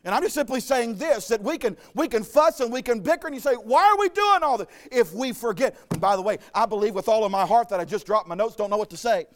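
A man's voice: high voice, fast, few pauses. A man from Arkansas preaching a sermon in a folksy way, with joking asides and personal stories.

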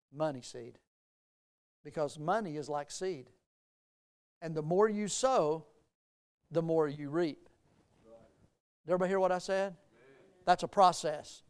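A middle-aged male pastor delivers a sermon in a smooth, resonant voice pitched a little high. He talks in a folksy, storytelling way, then builds to emphatic, lively preaching. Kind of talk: sermon with personal stories.

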